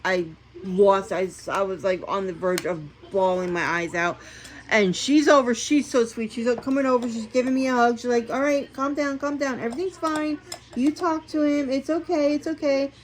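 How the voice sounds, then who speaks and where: A woman's voice: mid-range voice, a little hiss or hum, rough recording. A middle-aged woman, telling a long personal story to the camera in a chatty, rambling way with many restarts. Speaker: vlogger. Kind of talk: casual storytelling vlog.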